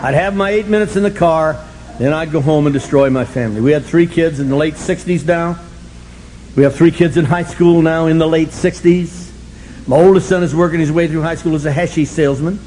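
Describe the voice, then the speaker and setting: An older man speaking at a recovery meeting, telling his story in an animated, self-mocking way and breaking into shouts for emphasis. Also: fairly high pitch, a little fast, a little hiss or hum, rough recording.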